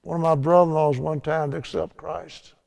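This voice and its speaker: Older man, gravelly voice, folksy Bible lesson, chatty storyteller. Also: fairly high pitch, level tone, brisk, darkish tone. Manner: chatty storytelling, laughs at his own tales. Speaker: Bible teacher.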